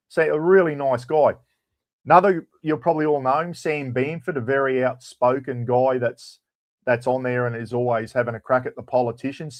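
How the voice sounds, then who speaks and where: A man's voice: medium pitch, dry recording. Blunt, swearing Australian man. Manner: blunt, swears freely, retells stories. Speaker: livestream host. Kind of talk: casual ranting chat.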